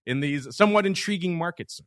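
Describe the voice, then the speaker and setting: A man's voice: a little high, lively intonation, a little fast, a bit bright, no echo, studio quality. Upbeat jokey man hosting a markets show. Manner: jokey, upbeat, addresses listeners. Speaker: podcast host. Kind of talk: casual market talk show.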